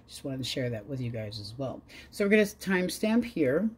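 A woman's voice: rumbling low, big pitch swings, brisk, darkish tone, slightly rough. A middle-aged woman reading tarot cards, talking in a chatty, wry way and swearing freely. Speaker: tarot reader. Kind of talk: casual rambling chat.

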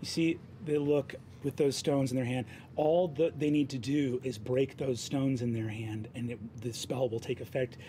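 A man narrating as game master of a tabletop game, speaking in animated and then hushed tones. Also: mid-range voice, moderate pace, a little hiss or hum. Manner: animated narration that sinks to a hushed near-whisper.

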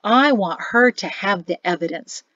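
A woman's voice: mid-range voice, animated, normal speed, a bit bright, no echo, muffled recording. A woman voicing a jovial, chatty male innkeeper and cook in an audiobook. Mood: cheerful. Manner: cheery, chatty, boastful.

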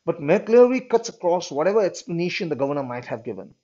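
A man's voice: on the high side, sing-song, quick pace, dark tone. A man teaching a class, reading a story aloud and explaining it, often checking in with "all right". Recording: dull lo-fi recording.

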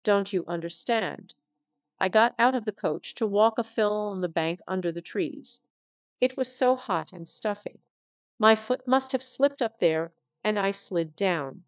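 A woman's voice: medium pitch, unhurried, no echo, studio quality, lightly acted. A synthetic-voiced woman reading the part of a proud, impatient young lady with a cool, formal manner.

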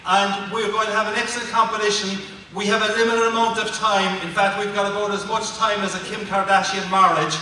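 A man's voice: high voice, flat delivery, brisk, hardly any pauses, noisy background. Joking Irish man hosting on stage. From Ireland. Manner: joking and chatty, then orderly instructions. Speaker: contest toastmaster. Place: large hall. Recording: echoey hall recorded from far off.

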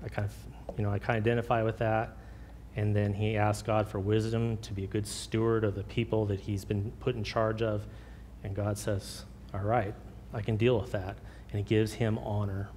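A man preaching an informal sermon with personal testimony, earnest and halting, with many fillers and restarts. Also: level tone, a little mellow. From Oregon. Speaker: lay preacher. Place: church sanctuary. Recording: long hall reverb, faint rumble.

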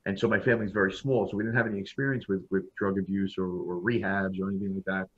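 A man with a lowish voice tells his own story in a casual interview, speaking bluntly and frankly and often circling back to restart a thought. The recording sounds dull and lo-fi, as if the top end has been shaved off. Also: little pitch movement, fast, fairly bright tone, husky. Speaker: podcast guest.

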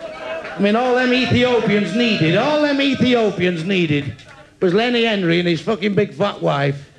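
A man with a Mancunian accent telling crude stand-up jokes in rapid-fire bursts, landing punchlines deadpan. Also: high-pitched, a faint crowd. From England. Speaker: stand-up comedian.

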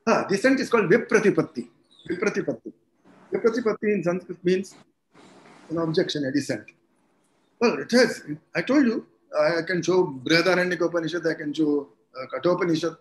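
Elderly man, echoey room. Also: fairly high pitch. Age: around 80. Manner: measured, explanatory, animated when telling stories. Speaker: guest, retired judge. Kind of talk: conversational interview, storytelling. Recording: echoey room with faint background noise.

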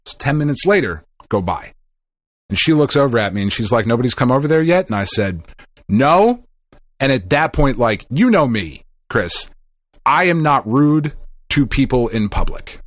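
A middle-aged man co-hosting a podcast, telling a story in a casual, animated way, swearing often and acting out the people he quotes. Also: medium pitch, moderate pace, no echo. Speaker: podcast co-host.

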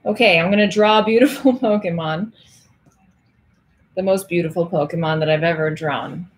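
A woman's voice: on the low side, moderate pace, a little hiss or hum. A young adult woman hosting a casual livestream, chatting with viewers, laughing often and counting cards aloud as she works. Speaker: livestream host.

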